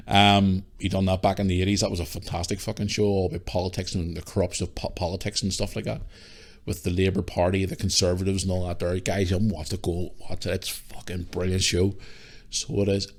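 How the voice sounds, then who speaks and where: A man's voice: deep voice, little pitch movement, fast talker. A Northern Irish man hosting a podcast, telling a long anecdote casually and swearing freely. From Northern Ireland. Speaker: podcast host. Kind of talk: casual storytelling.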